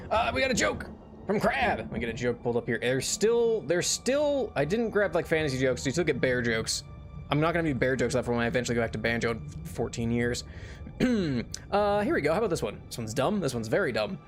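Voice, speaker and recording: Expressive and quick, a young man streaming a game as a VTuber offers casual, rambling commentary full of restarts and laughs. His voice is mid-range, with faint music behind him.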